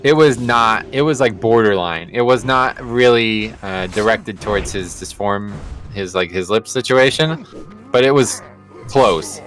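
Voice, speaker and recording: A man with a fairly low voice chats casually on a game stream, telling a long story. He rambles, fills pauses with fillers and swears freely. Faint music plays behind him. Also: lively intonation, fairly bright tone. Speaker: livestreaming gamer. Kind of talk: casual storytelling chat while gaming.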